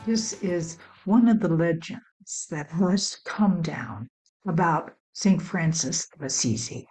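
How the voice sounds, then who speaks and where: A professional storyteller from Illinois, a woman telling a legend in a measured, dramatic way. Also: on the low side, darkish tone, soft background music, low-quality recording. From Illinois, USA.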